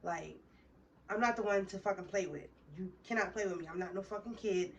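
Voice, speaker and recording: A woman's voice: mid-range voice, a little fast, recorded from a distance, lo-fi sound. A woman vlogger telling a heated, profane story straight to her viewers in a casual storytime.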